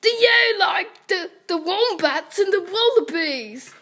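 A girl voicing a pushy female singer who loudly and insistently repeats one question. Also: sits high, fairly even intonation, a little fast, close to an everyday voice. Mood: pushy, shouting. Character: pushy shouting wallaby-obsessed female singer.

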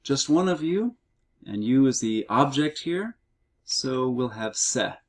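A middle-aged man teaching Greek in a recorded homework walkthrough, explaining slowly and carefully with the odd um and uh. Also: mid-range voice, expressive. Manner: slow, measured explaining with fillers.

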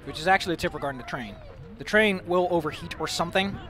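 Male streamer, self-mocking jokester, sudden loud outbursts, slightly high voice. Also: fast talker. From Netherlands. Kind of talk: casual gameplay commentary. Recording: game music playing behind.

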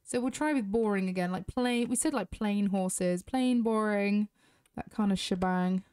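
A woman's voice: medium pitch, normal speed, darkish tone, clean tone, dry recording. A British woman chatting casually to her viewers while playing a horse game, asking questions and musing aloud. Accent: British English. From Britain. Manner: chatty, talks straight to viewers. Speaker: gaming YouTuber. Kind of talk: casual gameplay commentary.

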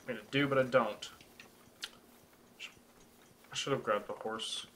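A man's voice: medium pitch, fairly even intonation, a little slow, fairly bright tone, a little hiss or hum. A young man giving casual let's-play commentary as a gaming YouTuber, swearing and ranting in exasperation at the game.

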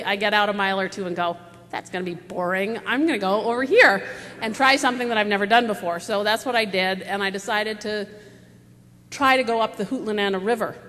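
A woman's voice: mid-range voice, fairly bright tone. A woman in her forties from the United States, speaking as a panelist at a live forum, telling stories in a rambling, conversational way full of fillers. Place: large auditorium stage. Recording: long hall reverb, faint noise.

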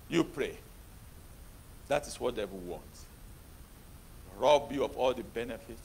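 A man preaching a sermon who moves between hushed talk and shouted, repetitive prayer declarations. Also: medium pitch, animated, measured pace, vocal fry, pauses often, slight background noise.

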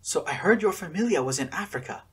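A man's voice: on the high side, expressive, fast, a bit bright, slightly rough, pitched above the performer's own voice, full character voice. A man voicing an eager, proper young girl in a storybook. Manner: eager, dropping Spanish words.

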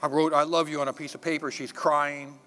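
An older man, a pastor, preaching a sermon in a church sanctuary and telling personal stories, swinging between loud preaching and hushed asides. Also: on the high side, flat delivery, fairly quick.

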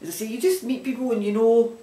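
A Scottish man with a broad Glaswegian accent hosts a knitting podcast as a casual vlog, rambling chattily and restarting his sentences. His voice is very high-pitched yet dark in tone, steady and quick, with a roomy echo around it.

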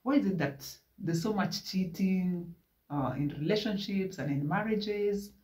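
A man's voice: high-pitched, measured pace. A man with a Kenyan accent telling a story casually in a vlog, slipping in Swahili words as he goes. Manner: animated retelling with Swahili asides. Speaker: vlogger. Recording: echoey room from a distance.

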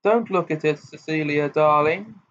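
A man doing a haughty rich young gentleman. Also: on the high side, moderate pace, dull audio, voice pushed up, close to an everyday voice. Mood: dismissive.

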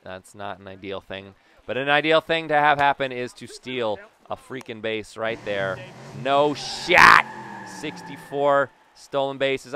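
A young man casually commentating his own baseball video game, joking around and breaking into loud cheers and yells. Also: fairly low pitch, a little hiss or hum. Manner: excitable, jokey, bursts into loud cheers and yells. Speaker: gaming YouTuber.

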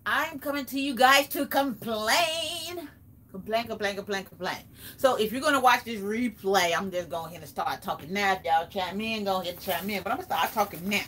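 A woman's voice: medium pitch, brisk, fairly bright tone, a little hiss or hum. A woman with a Southern US accent chatting casually on a home live stream, drawling and talking straight to her viewers while she reads out their names. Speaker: live-stream host and small seller. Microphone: phone or camera set back from her.

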